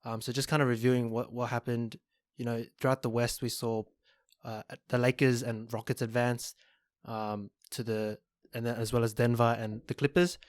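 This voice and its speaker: A man co-hosting a sports podcast, talking in a measured way with frequent pauses and restarts. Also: mid-range voice, little pitch movement, no echo, clean studio sound. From Australia. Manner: measured, hesitant, lots of ums and restarts. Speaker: podcast co-host. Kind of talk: casual chat.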